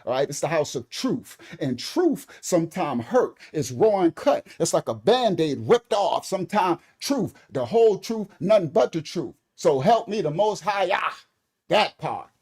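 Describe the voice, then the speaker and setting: Talking straight to his commenters, a middle-aged man offers casual online commentary in a high, slightly rough voice, a little slow. He comes across animated and preachy and laughs frequently.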